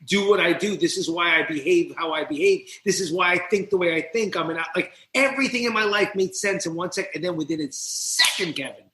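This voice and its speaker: Animated storytelling man in an echoey room. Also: sits high. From New Jersey. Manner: animated, quick, acts out scenes as he tells them. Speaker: podcast guest, speaker and coach. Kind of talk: candid storytelling in conversation.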